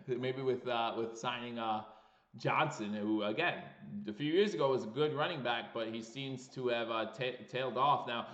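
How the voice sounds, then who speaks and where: A man hosting a live sports talk stream, reading viewer chat aloud and getting excited over breaking trade news. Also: medium pitch, echoey room. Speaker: livestream sports show host.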